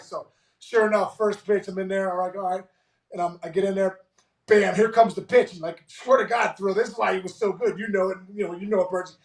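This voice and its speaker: A man with a very high, gravelly voice tells stories with excitable energy, cursing freely and tripping over his restarts. He sits a bit off the mic, and the room echoes around him. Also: a little fast, distant mic. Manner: excitable, profane, stammering restarts. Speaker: guest, former ballplayer. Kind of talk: animated storytelling.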